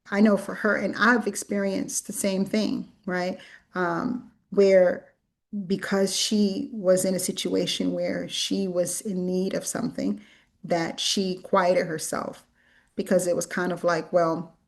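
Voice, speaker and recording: A woman hosting a conversation, chatty and loose, circling her questions with fillers and restarts before getting to the point. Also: fairly low pitch. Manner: chatty, rambling with fillers and self-corrections, laughs easily. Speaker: host. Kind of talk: casual conversational interview.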